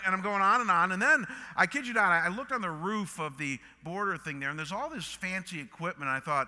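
A middle-aged man, a pastor, telling a story in a sermon and then praying, animated and full of restarts. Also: high voice, fast, hardly any pauses. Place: church auditorium. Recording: long hall reverb.

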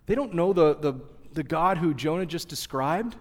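A man's voice: a little high, moderate pace. A man in his thirties preaching a sermon, chatting and telling stories with asides to the congregation. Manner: conversational, animated storytelling with asides to the audience. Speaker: pastor. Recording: long hall reverb.

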